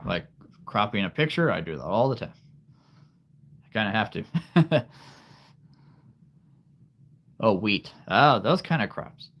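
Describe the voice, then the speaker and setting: Man, livestream host, low voice, slow easygoing chat, laughs often. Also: very animated, a bit bright. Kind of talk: casual chat with live viewers.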